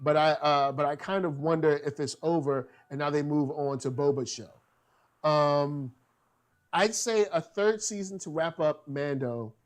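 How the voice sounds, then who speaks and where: A man co-hosting a casual fan review show, easygoing and quick to laugh as he reads viewer comments. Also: a little high. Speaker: co-host reading viewer comments.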